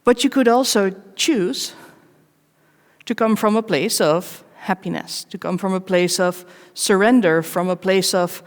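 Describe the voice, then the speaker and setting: Woman speaking in a reverberant hall. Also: medium pitch. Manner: candid and personal, with wry self-mocking asides; measured, pausing between short phrases. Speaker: conference speaker. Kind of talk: live conference talk. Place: large conference hall. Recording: long reverb of a big hall.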